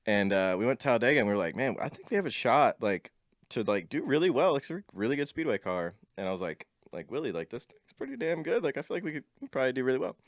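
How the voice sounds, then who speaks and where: A man's voice: medium pitch, sing-song, fast, no echo, clean studio sound. A man, a podcast guest, telling stories in a laid-back casual way, laughing often and filling with "like". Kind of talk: casual storytelling chat.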